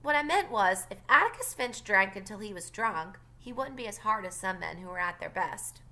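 Woman reading a wry older neighbor lady, blunt and dry, bright voice, lively pitch. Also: moderate pace. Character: sharp-tongued older Southern woman neighbor.

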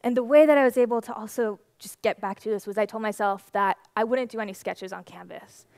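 A woman in her twenties gives a conference talk from the stage, telling her story in a lively, animated way. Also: on the high side, brisk, vocal fry, dry recording, clean studio sound. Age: 20s. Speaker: conference speaker.

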